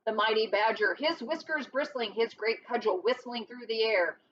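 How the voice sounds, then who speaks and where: A woman's voice: a little high, normal speed, a bit bright. A woman reading a storybook aloud expressively, adding short asides of her own. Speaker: reader. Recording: dull lo-fi with faint hiss.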